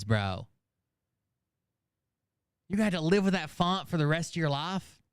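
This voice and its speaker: A man's voice: on the high side, lively intonation, unhurried, pauses often, clear, resonant tone, no room sound, clean studio sound. A man hosting a casual reaction commentary show, talking in a rambling, profane, sarcastic way. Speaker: commentary channel host.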